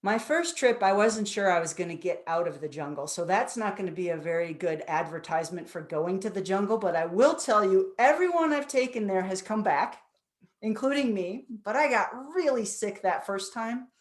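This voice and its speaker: A woman's voice: medium pitch, expressive, moderate pace. A woman in her fifties giving a personal storytelling talk as a guest speaker at a spiritual center, earnest and reflective. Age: 50s.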